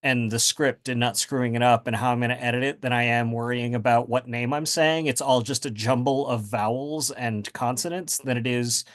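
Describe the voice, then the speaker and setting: A man's voice: medium pitch, fairly even intonation, moderate pace, few pauses, a bit bright. A man speaking as a guest author in a casual interview, rambling with many fillers and restarts.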